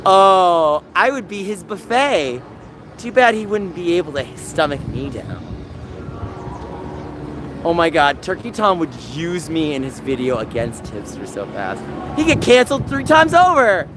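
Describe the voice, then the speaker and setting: A man livestreaming from outdoors, talking to chat in an animated, mocking, sarcastic way. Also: fairly high pitch, measured pace. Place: outdoors in a busy public area. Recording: outdoor street noise with passing vehicles.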